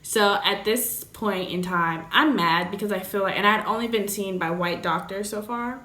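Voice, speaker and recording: A woman's voice: medium pitch, moderate pace, bright, forceful tone. A young woman vlogger telling a candid story in a blunt, joking, profane way. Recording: roomy echoey room.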